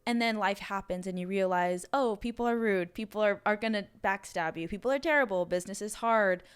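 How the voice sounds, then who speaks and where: A woman's voice: medium pitch, fairly quick, clean tone. A young woman in her twenties hosting a podcast, chatting animatedly and saying "like" a lot. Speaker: podcast host. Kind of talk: casual podcast conversation.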